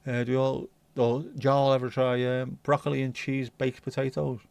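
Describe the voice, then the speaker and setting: A man's voice: medium pitch, level tone, moderate pace, gravelly, a little mellow, clean tone, dry recording. A man hosting a livestream, chatting bluntly and rambling through viewer comments with the odd swear. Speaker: livestream host. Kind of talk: casual chat reading viewer comments.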